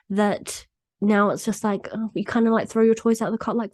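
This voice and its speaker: A woman's voice: mid-range voice, level tone, moderate pace, no room sound, clean studio sound. Chatty woman hosting a solo podcast. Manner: chatty and candid, laughing often, acts out quotes. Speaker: podcast host.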